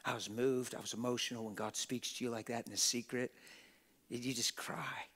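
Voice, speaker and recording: Middle-aged male preacher, plain street talk, dramatic whisper-to-shout delivery, even mid pitch. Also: quick pace, slightly rough. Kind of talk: sermon. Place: church auditorium.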